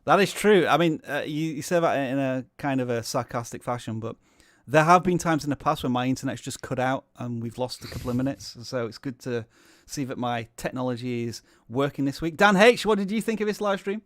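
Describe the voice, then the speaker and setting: A man's voice: mid-range voice, expressive, fairly quick, no room sound, clean studio sound. A man with a Yorkshire accent hosting a casual livestream over a video call, chatty and self-deprecating. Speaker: livestream host.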